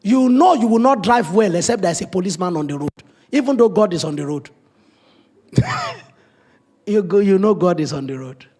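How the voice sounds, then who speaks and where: Guy from africa preaching, chatty and blunt, kinda raspy high voice. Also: expressive, moderate pace, pauses often, warm tone. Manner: conversational preaching with blunt humor. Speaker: pastor. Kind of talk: sermon.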